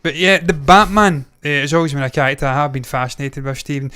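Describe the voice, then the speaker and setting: A man's voice: on the high side, steady tone, fast talker, sharp tone, smooth. A man in his thirties from the UK co-hosting a casual film chat, joking, rambling and swearing, light-headed after giving blood. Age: 30s. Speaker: co-host.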